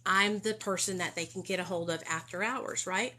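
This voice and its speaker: A woman's voice: medium pitch, steady tone, moderate pace, bright, forceful tone. Chatty woman vlogging about recovery. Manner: chatty, emphatic, defensive. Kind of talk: casual live-stream chat.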